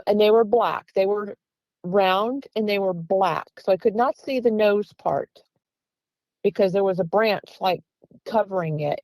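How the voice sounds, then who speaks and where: A woman's voice: mid-range voice, a little mellow, no echo, rough recording. A woman guest earnestly telling a long encounter story, acting out the quoted voices of the people in it. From Pennsylvania. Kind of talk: recounting an encounter.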